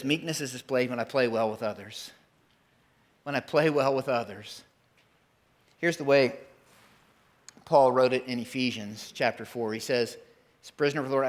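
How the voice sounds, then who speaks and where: This middle-aged man gives a church sermon as pastor in a mid-range, fairly bright voice. He keeps it conversational and emphatic, slipping into quick acted-out voices.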